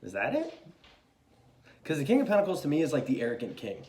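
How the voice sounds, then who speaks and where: A man's voice: a little high, wildly swooping pitch, quick pace, a little mellow, reverberant. A young man giving a casual, chatty tarot reading, swearing freely and talking loosely. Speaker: tarot reader.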